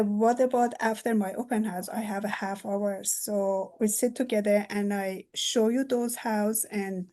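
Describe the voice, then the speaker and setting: Woman agent, halting sales pitch. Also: darkish tone. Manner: halting, with many "uh" pauses. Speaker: real estate agent in training. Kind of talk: sales role play.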